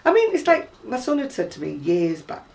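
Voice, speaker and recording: Here an older Oldham-area woman, Lancashire-accented, chats at home as host, laughing as she tells her stories. Her fairly high, gravelly voice swoops wildly in pitch at a brisk pace, with a crowd audible behind her. The sound comes from a camera mic set well back in her living room in northwest England.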